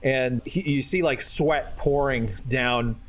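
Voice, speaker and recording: A man's voice: medium pitch, slow. A man narrating a tabletop game as game master, loose and casual, with some swearing.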